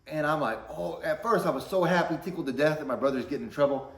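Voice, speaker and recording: Animated man in his forties telling stories. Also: quick pace, gravelly. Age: 40s. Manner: animated, swings loud and high when excited. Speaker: vlogger. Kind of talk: casual storytelling. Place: workshop. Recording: echoey workshop room.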